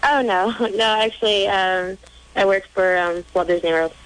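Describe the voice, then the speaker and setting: A woman's voice: mid-range voice, fairly even intonation, normal speed, clean tone, poor audio. A woman in her twenties calling in to a radio show, talking in a giggly, hesitant way. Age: 20s. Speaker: caller. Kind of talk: call-in conversation.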